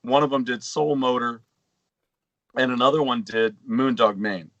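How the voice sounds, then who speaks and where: A man's voice: medium pitch, moderate pace, a bit bright, no echo, lo-fi sound. A middle-aged man co-hosting a gaming podcast, telling long rambling anecdotes in casual chat. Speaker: podcast co-host.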